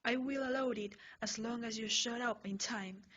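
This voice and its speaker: A woman's voice: fairly high pitch, steady tone, moderate pace, a bit bright. A woman voicing a strict, formal teenage boy class representative who scolds in a stiff, proper way. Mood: stern. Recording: slightly muffled home recording with faint hiss.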